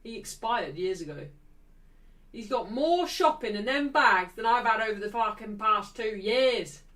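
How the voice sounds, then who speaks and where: A woman's voice: fairly high pitch, expressive, a little slow, a bit bright, far from the mic, low-quality recording. A woman hosting a football watchalong stream, ranting and swearing as she talks to her chat. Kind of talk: casual live-stream chat.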